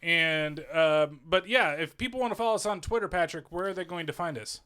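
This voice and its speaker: A man's voice: on the high side, brisk, pushed and bright, clean tone. A man co-hosting a casual podcast, rambling and joking, often laughing. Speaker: podcast co-host. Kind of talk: casual chat.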